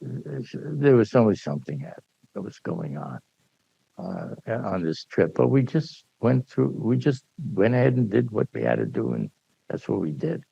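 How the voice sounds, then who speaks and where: Older male storyteller, gravelly and lively, acts out the dialogue, heard on a dull, dry lo-fi recording. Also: lowish voice, a little slow, no room sound. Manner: animated, acts out dialogue, laughs often. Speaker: speaker sharing memories at a gathering. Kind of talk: anecdotal storytelling to an audience.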